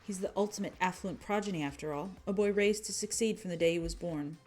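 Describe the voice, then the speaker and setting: A woman plays a poised young gambler with a formal, polished way of speaking. She stays calm and measured. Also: fairly low pitch, close to an everyday voice.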